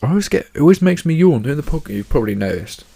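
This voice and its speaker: Gravelly man rambling casually. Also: a little high, sing-song, rapid-fire, warm tone. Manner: chatty, rambling, swears casually. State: yawning. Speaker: podcast host. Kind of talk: casual solo podcast monologue.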